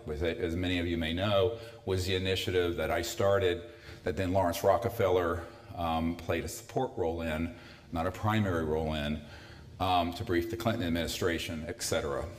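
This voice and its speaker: A man in his sixties with a very low voice gives a talk to a live audience in a lecture hall. He speaks conversationally and drops in dry, sardonic asides. The room is echoey. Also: normal speed.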